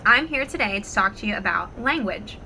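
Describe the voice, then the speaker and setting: A woman vlogging at home, talking casually to the camera and telling stories in an expressive, animated way. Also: mid-range voice, fairly quick, a little hiss or hum, poor audio. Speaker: wellness vlogger. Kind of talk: casual talk to camera with storytelling.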